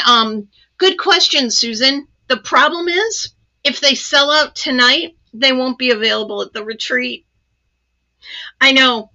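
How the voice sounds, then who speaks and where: A woman hosting a casual live crafting demo, chatty and excited, with many ums and asides. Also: on the high side, dull audio. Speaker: crafting channel host.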